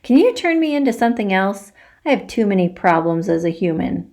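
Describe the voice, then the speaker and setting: A woman's voice: mid-range voice, sing-song, a little fast, a little mellow. A woman voicing a spirited little girl who is dramatic and eager for attention, speaking with a childlike lilt. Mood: curious.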